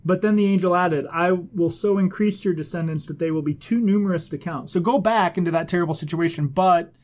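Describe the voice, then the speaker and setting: A man's voice: high-pitched, fairly quick. A man co-hosting a casual chat who reads Bible passages aloud steadily and adds dry asides. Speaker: podcast co-host reading scripture.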